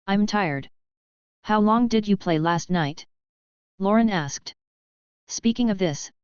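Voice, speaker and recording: A woman reading a fan-fiction audiobook in an even, unhurried scripted narration. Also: fairly low pitch, smooth, no room sound, lo-fi sound.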